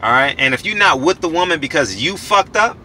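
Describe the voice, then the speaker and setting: A man's voice: a little high, expressive, a little fast, bright, forceful tone, slight background noise. Emphatic man in his forties preaching. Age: 40s. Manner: preachy, repetitive, profane and emphatic. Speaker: channel host giving life advice. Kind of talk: casual motivational talk.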